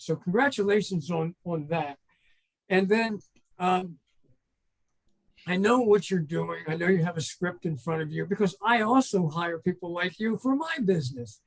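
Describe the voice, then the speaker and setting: An older man with a notably high-pitched voice, telling stories as an interview guest. He rambles from one anecdote to the next and acts out old phone calls as a trainer and consultant would. His talk is loose and conversational. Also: poor audio. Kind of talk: casual storytelling in an interview.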